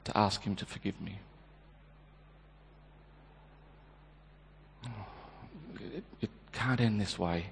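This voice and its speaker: A man's voice: medium pitch, moderate pace, a little hiss or hum, lightly acted. A man playing a stammering, guilt-stricken disciple. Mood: remorseful. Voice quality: stammering, repeats words. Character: remorseful male disciple haunted by denial. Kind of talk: dramatic first-person monologue. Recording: long hall reverb.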